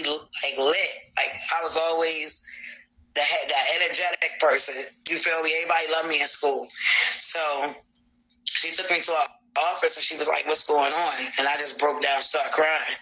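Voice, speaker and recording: A man's voice: on the high side, pushed and bright, low-quality recording. Blunt, cursing man. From Baltimore, USA. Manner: blunt, profane, emphatic storytelling. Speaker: guest telling a personal story on a live stream. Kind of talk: candid live-stream testimony.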